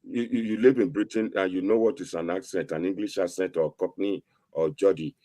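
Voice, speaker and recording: A man's voice: sits low, a little fast, mellow, no room sound, rough recording. A man hosting a talk show, pressing his guest with repeated questions. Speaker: host.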